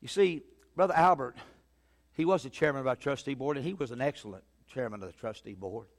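A man preaching a sermon as a pastor, telling a story that swings from loud urgency to hushed quiet. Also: medium pitch, brisk. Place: church sanctuary. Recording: long hall reverb.

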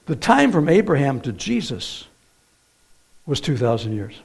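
Man preaching with a lively, rising voice. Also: mid-range voice, a little slow, gravelly, slightly rough. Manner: conversational, rhetorical questions to the congregation. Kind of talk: sermon.

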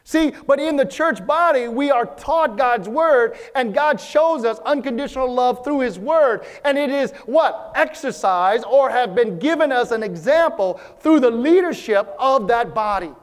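A man from Vietnam, preaching a sermon earnestly, repeating key phrases and slowing down for emphasis. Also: very high-pitched, expressive. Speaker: pastor. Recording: long hall reverb.

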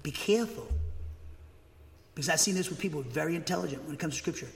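Brief: male pastor, high voice, emphatic dogmatic sermon delivery, long hall reverb. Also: fast talker, vocal fry. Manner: emphatic, bangs the pulpit, excitable; dogmatic, speaks with conviction. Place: church.

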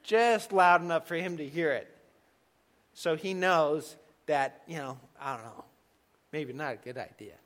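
Male pastor, slightly high, bright tone, emphatic conversational sermon delivery. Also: a little slow. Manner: emphatic, conversational preaching with sudden soft drops.

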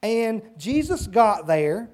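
A man's voice: high-pitched, big pitch swings, slow. Man leading a children's sermon. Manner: asks children questions, talks simply and warmly to kids; hushes and redirects children mid-talk. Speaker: children's church leader.

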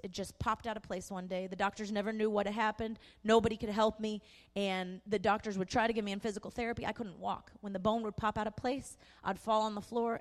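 Earnest woman preaching in echoing hall. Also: medium pitch. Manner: earnest, impassioned preaching with emphatic repetition. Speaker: pastor. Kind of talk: sermon testimony. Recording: echoey hall.

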